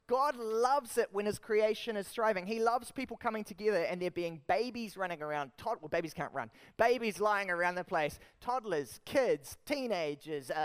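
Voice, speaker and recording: A man with a New Zealand accent preaching a sermon, lively and emphatic, putting rhetorical questions to the congregation. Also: high-pitched, clear, resonant tone. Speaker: pastor.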